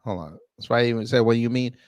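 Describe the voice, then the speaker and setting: A man riffs through casual reaction commentary at a middle pitch, blunt and exclaiming. He leans on repeated phrases for emphasis. The sound is dry and close, with no room around it. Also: rapid-fire, a little mellow, no echo, dull audio. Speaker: host commenting on a court hearing.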